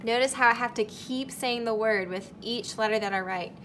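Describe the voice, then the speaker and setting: A woman's voice: a little high, a bit bright, a little hiss or hum. A young woman teaching a recorded kindergarten lesson, carefully sounding out words for young children. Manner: slow, deliberate sounding-out of words.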